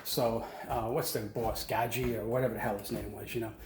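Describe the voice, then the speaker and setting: A man's voice: mid-range voice, little pitch movement, a little fast. A man telling a rambling comic story at home, full of fillers and self-deprecating asides. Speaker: comic monologue host. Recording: echoey room with faint noise.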